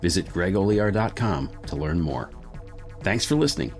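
A man hosting a podcast, warmly affirming his guest and reading the show's credits and sign-off. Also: low voice, expressive, normal speed, soft background music. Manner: friendly, affirming, reads credits. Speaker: podcast host. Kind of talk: interview and show outro.

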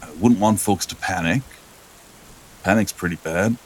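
A man's voice: sits low, normal speed, slightly rough. A man playing a young, eager small-town deputy with a drifting folksy drawl and lots of fillers.

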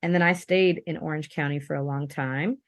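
A woman from Belize, the interview guest, telling her story in an animated, expressive way. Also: low voice, fairly quick, no room sound. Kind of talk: casual interview conversation.

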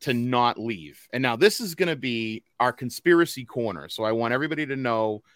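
A man with a Boston accent runs a loose podcast chat in a middle-pitched voice. He rambles, piles up "uh"s and restarts his sentences. His voice is close and dry, with no room sound. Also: lively intonation, fairly quick, fairly bright tone, no echo. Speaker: podcast host.

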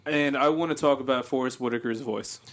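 A man's voice: mid-range voice, steady tone, moderate pace, fairly bright tone. A man chatting casually with friends, joking, swearing and laughing often. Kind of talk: casual chat among friends.

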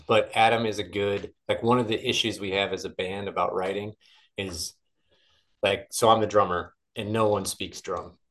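A man's voice: on the low side, steady tone, moderate pace. A man, a band's drummer, talking casually in an interview in an easygoing, self-deprecating way. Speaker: band drummer.

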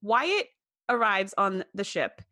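A woman's voice: mid-range voice, very animated, slow pace, pushed and bright, no echo, clean studio sound. A woman co-hosting a casual podcast, chatty and fond of acting out characters' lines. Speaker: podcast co-host.

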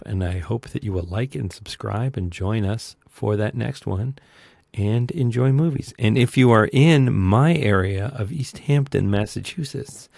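A man co-hosting a movie podcast, rambling and conversational, talking slowly. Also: lowish voice, vocal fry, dry recording, clean studio sound. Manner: talks slowly in a put-on accent. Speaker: podcast co-host. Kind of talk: casual movie chat.

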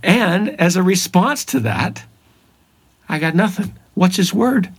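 A man tells his story earnestly, leaning hard on repeated words. His voice sits a bit high for a man and has a husky edge. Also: expressive, slow pace. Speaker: podcast guest. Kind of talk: personal testimony in conversation.

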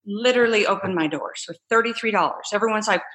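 A woman entrepreneur telling her story in a casual interview, animated and laughing as she acts out quoted voices. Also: medium pitch, quick pace. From United States. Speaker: entrepreneur guest.

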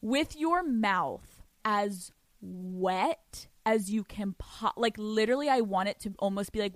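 A young woman hosting a podcast on her own, talking in a brash, profane, rapid stream with frequent laughs. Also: medium pitch, no echo. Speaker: podcast host. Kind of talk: solo podcast rant and sex-advice talk.

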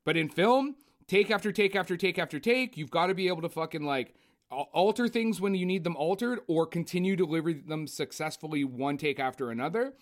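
A man ranting in a casual, profane film review chat, animated and blunt. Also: fairly high pitch, fairly quick. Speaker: podcast co-host.

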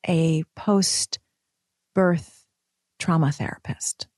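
A woman's voice: deep voice, fairly even intonation, very slow, darkish tone, dry recording, studio quality. A young woman, a new mother, speaking candidly and emotionally in a personal vlog.

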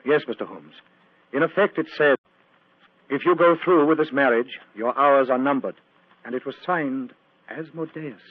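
A man's voice: mid-range voice, moderate pace, no room sound, narrow, tinny audio, natural voice. An actor voices an agitated, earnest clergyman in a 1940s radio play, imploring and anxious. The recording is dry and thin, like an old broadcast heard through a small speaker. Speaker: reverend.

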